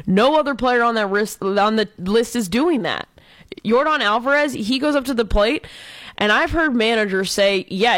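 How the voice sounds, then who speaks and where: A woman's voice: medium pitch, fairly bright tone, no room sound. A woman co-hosting a casual sports talk show, giving enthusiastic, opinionated takes like an eager fan. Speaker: co-host.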